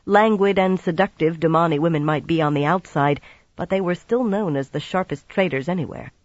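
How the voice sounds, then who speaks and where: An audiobook narrator reading fantasy prose in a measured, even manner, in a slightly dull recording. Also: medium pitch, dry recording.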